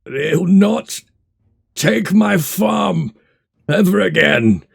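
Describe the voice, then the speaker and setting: A man voicing a dazed, stubborn old farmer who slurs his words and shouts that he will fight on. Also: sits high, animated, very slow, creaky, husky, voice pushed up, exaggerated voice. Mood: defiant. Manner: slurred, defiant shouting.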